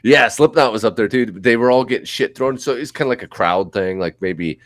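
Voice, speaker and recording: A man's voice: medium pitch, a little fast, a bit bright, no room sound, studio quality. A middle-aged man co-hosting a podcast, telling loose, profane, rambling stories in casual chat. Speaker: podcast co-host.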